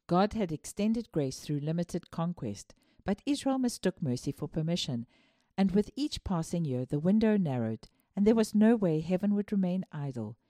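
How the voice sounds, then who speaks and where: A woman's voice: lowish voice, warm tone, dry recording, studio quality. Dramatic woman Bible storyteller. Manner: dramatic, preacherly storytelling with moral asides. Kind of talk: scripted narration.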